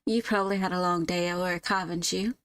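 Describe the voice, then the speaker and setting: A woman's voice: lowish voice, fairly even intonation, a little fast, a bit bright, clean tone, no echo, lightly acted. A woman voicing a flirty hooved female flower shopkeeper with a slight put-on Southern twang who calls customers darling. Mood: welcoming. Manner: sweet-talking, calls people darling.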